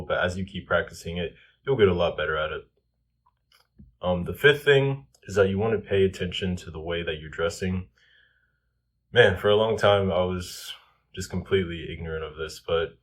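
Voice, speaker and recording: Young guy w a deep husky voice, rambly advice vlog, says like a lot. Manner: loose, filler-heavy, lots of "like" and "um". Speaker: self-improvement vlogger. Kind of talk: casual advice talk.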